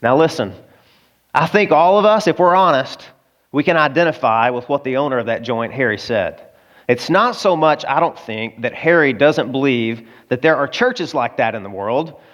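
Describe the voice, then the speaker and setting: A man's voice: medium pitch, lively intonation, normal speed, a bit bright, highs cut off. Conversational male preacher telling a story. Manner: conversational, with asides to the listeners. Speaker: pastor. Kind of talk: sermon storytelling.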